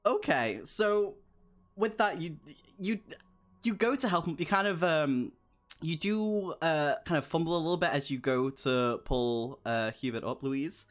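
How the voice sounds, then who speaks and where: A game master narrating a tabletop horror session at a middling pitch. The delivery is loose and rambling, thick with "um", "uh" and "like" between phrases. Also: animated, unhurried. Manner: loose, rambling, full of fillers.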